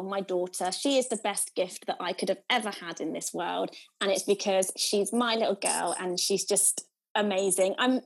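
A woman co-host chatting casually, warm in tone, laughing often and stretching out her phrases. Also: mid-range voice. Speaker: podcast co-host. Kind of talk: casual chat.

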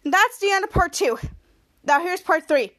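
Hosting her podcast at a normal speed, a young woman uses a very high, slightly bright voice with lively intonation. Her casual recap walks through a TV episode scene by scene, full of restarts as she performs the characters' dialogue.

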